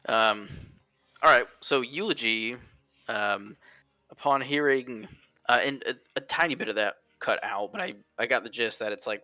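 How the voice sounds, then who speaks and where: Sex: man. Role: player. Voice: gravelly, bright. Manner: hesitant, lively. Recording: dry, dull lo-fi mic. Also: medium pitch, moderate pace, no echo, faint music behind. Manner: hesitant, many fillers. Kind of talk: casual tabletop play.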